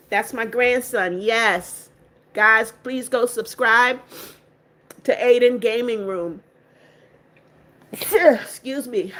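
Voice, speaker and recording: An older woman with a voice on the high side hosts a casual livestream, reading viewer comments aloud one at a time. She answers each with motherly greetings and blessings but stays firm with rude viewers.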